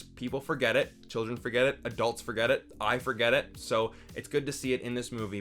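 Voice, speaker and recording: A man talks through a movie review in a casual, enthusiastic way, often tossing in "right?". His voice sits in an ordinary middle pitch. Faint music plays behind him. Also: fairly bright tone. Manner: enthusiastic, conversational, frequent "right?".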